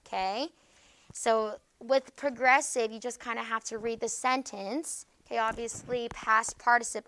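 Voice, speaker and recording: A woman teaching a grammar lesson to a class, checking in with "okay?" after each point and reading out example phrases slowly with stress. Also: a little high, sharp tone, smooth, no echo. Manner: frequent checking "okay?" with students.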